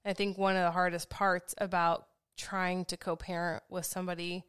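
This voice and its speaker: A woman's voice: on the low side, little pitch movement, normal speed, a bit bright, clean tone, dry recording, clean studio sound. A woman co-hosting a podcast, speaking candidly and from the heart about raising her children. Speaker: podcast co-host. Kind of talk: casual conversation.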